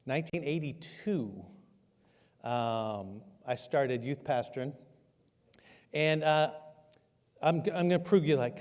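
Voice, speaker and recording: Older male pastor preaching in a hall. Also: medium pitch. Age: 60s. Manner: storytelling, self-mocking humor, animated. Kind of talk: sermon. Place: church sanctuary. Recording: long hall reverb.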